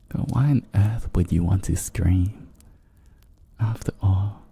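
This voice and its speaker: A man in a whispered ASMR stream speaks in a low, gravelly hush with a dark, mellow tone. He teases in a soft, playfully domineering way, drifting slowly from one ear to the other of a binaural mic. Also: dry recording. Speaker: VTuber streamer.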